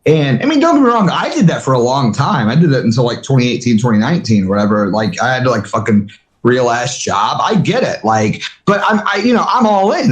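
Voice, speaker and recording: A man hosting a live audio chat, ranting heatedly with constant swearing. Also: fairly high pitch. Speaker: host of an audio chat room.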